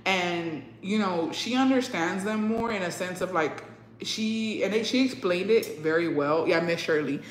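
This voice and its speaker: Unhurried and fairly low-pitched, this young livestream host spins animated stories, swearing a lot and mixing in Spanish phrases. The sound is roomy with slight background noise.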